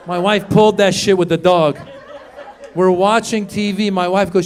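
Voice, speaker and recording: A man in his forties, originally from Iran, works a stand-up crowd with a high, bright voice. He delivers his punchlines in bursts of loud shouting. He speaks into a handheld mic on a comedy stage. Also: normal speed, in a large hall. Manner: animated, loud punchlines with shouted quoted lines. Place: comedy stage before a live audience.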